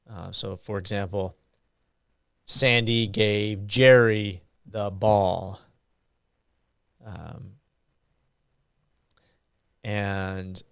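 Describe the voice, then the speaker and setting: A man giving a university grammar lecture, slow and halting with frequent ums and uhs. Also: fairly low pitch, a bit bright, no echo, studio quality.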